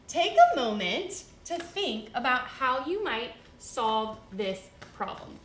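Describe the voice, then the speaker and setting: A woman's voice: high-pitched, sing-song, slow pace, hardly any pauses, a bit bright, roomy sound, slight background noise. A woman teaching a first grade lesson in a sing-song, encouraging way, talking to children. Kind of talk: televised classroom lesson. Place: studio set.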